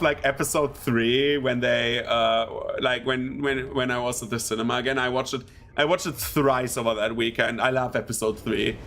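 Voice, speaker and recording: Here a young German-accented man streams a game, his mid-range voice rambling loosely over what he's doing. Frequent laughter and sudden excitable outbursts mark his commentary, with a slight hiss or hum in the background.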